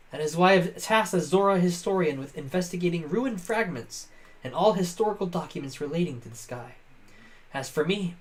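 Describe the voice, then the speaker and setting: A man's voice: fairly high pitch, voice pushed up, natural voice. A man voicing a noble young male fish-folk prince from a game, reading the lines formally and politely. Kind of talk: reading game dialogue aloud.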